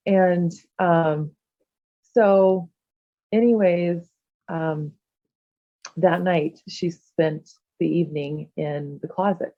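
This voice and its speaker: A woman, a podcast guest who heals and talks with animals, speaking softly and haltingly with lots of fillers. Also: fairly low pitch, fairly even intonation, no room sound, phone-quality sound. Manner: soft, halting, many fillers and "like". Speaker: guest, shamanic healer and animal communicator. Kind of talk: casual chat.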